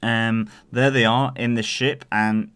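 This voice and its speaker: A man's voice: mid-range voice, little pitch movement, slow, fairly bright tone, smooth. A man co-hosting a podcast, chatting casually and searching for words as he rambles through his thoughts. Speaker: podcast co-host. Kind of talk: casual TV review chat.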